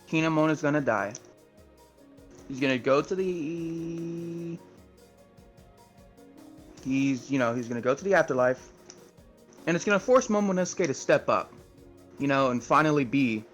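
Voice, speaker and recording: A man's voice: medium pitch, lively intonation, a little slow, pauses often, a bit bright, highs cut off, soft background music. A man co-hosting an anime podcast, chatting casually and rambling through a recap with many fillers. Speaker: podcast co-host. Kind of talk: casual chat.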